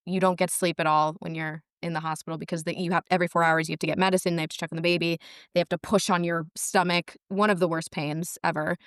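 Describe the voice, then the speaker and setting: Young woman on a podcast, low-ish smooth voice, wry and candid, dry close mic. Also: fairly bright tone, no room sound. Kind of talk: casual podcast chat.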